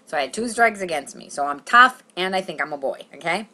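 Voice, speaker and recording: A young woman telling a comic story in a vlog, animated and self-mocking, acting out her own thoughts. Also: fairly low pitch, fairly quick. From Boston, Massachusetts. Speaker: comedian.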